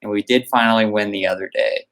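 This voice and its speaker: A man's voice: lowish voice, fairly even intonation, fast talker, fairly bright tone, poor audio. A young man co-hosting a podcast, talking earnestly and enthusiastically in casual chat. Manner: earnest, enthusiastic about snacks. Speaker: podcast co-host.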